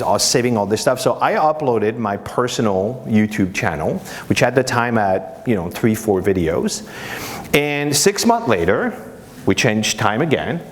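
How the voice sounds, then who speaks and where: French guy giving a talk in a conference room, funny storyteller, lots of hall echo. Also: mid-range voice. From France. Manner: humorous storytelling, animated quotes. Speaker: conference speaker. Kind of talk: live presentation. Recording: long hall reverb.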